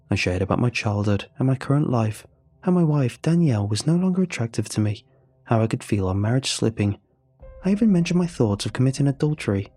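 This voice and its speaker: A man narrating a scripted horror story in calm, measured first-person storytelling. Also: on the low side, slightly rough, no echo.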